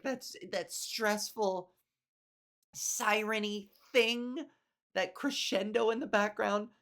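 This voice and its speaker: Comedy podcast host, female, gravelly edge, animated profane monologue, mid pitch. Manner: animated, swears a lot, acts out people. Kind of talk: casual rambling monologue.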